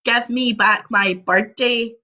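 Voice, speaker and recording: A woman reading the lines of a huge, gross male giant who booms slowly and talks softly to his bird. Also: steady tone, dull audio. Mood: looming. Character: huge gross male giant ventriloquist, menacing then soft.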